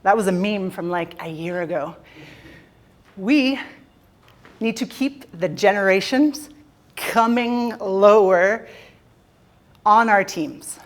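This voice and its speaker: A Canadian woman giving a playful, jokey motivational talk on a conference stage, teasing the audience. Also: mid-range voice. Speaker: keynote speaker.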